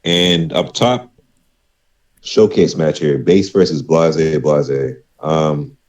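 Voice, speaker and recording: Very deep-voiced easygoing guest. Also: male voice, a little mellow, lo-fi sound. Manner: easygoing, filler-heavy, quick picks. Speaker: guest panelist. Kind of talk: casual panel chat.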